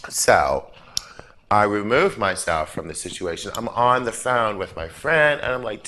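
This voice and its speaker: Bright, animated man telling a comic story. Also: lowish voice, measured pace. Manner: animated, theatrical, laughing asides. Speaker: drag talk show host.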